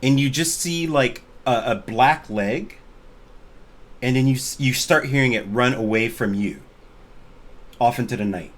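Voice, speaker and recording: A man's voice: medium pitch, measured pace, pauses often, fairly bright tone. A man running a tabletop game over a voice call, narrating casually with lots of filler words. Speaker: game master. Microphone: computer mic on a voice call.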